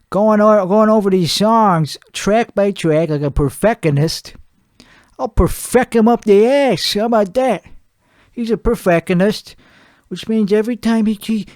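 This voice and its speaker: A man's voice: sits high, darkish tone, dry recording, studio quality. A man playing a crude, rambling lounge singer. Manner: crude, rambling, boastful, self-mocking. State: weak strained voice from singing. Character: brash crude washed-up male singer-comedian, middle-aged. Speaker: comedy show host. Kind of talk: improvised comedic rant.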